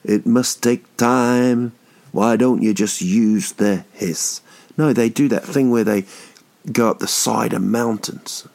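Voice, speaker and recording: A man's voice: medium pitch, slow pace, vocal fry, a little mellow. A man in his thirties hosting a podcast, rambling through a jokey, swearing monologue that drifts off topic. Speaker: podcast host.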